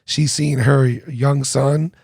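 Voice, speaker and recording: A man's voice: medium pitch, steady tone, slow pace, vocal fry, a little mellow, no echo, clean studio sound. A man hosting a podcast, asking laid-back questions and riffing casually, swearing now and then. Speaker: podcast host. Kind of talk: casual interview talk.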